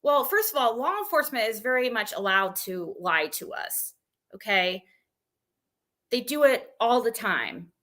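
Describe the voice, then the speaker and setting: A woman's voice: fairly high pitch, sing-song, measured pace, a bit bright. A woman streamer venting and rambling as she retells an argument, with many restarts.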